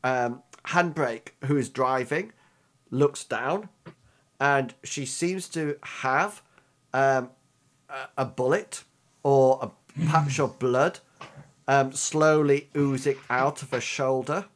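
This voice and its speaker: A man running a tabletop game as game master, talking in a halting way with many ums and restarts. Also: medium pitch.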